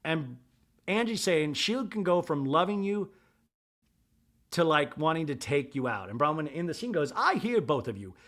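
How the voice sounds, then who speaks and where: A man's voice: on the high side, moderate pace, a bit bright. A man hosting a podcast, telling a comedic reality-TV recap in a gossipy, playful way. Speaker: podcast host.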